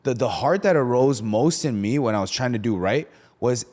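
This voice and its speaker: Slangy, animated young man talking faith. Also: medium pitch, brisk, hardly any pauses. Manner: slangy, animated storytelling with lots of "right?". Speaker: podcast host. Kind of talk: casual faith talk.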